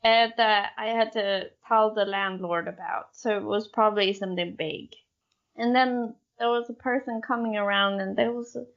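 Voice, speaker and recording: A woman co-hosting a true-crime podcast, with English as her second language, telling a case slowly and giggly, with hesitant asides. Her voice is a bit high and gravelly, and the recording sounds dull and lo-fi. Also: fairly bright tone. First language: not English. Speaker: podcast co-host.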